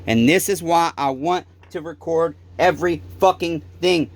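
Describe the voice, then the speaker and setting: This is a heated monologue from a small-engine repair shop owner who swears often, pleads with the camera, and repeats himself. He talks at a moderate pace in a voice on the high side.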